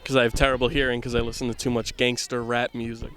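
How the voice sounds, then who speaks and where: A man from the Boston area giving casual play-by-play commentary at a softball game outdoors, full of rambling, self-deprecating jokes. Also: mid-range voice, little pitch movement, quick pace.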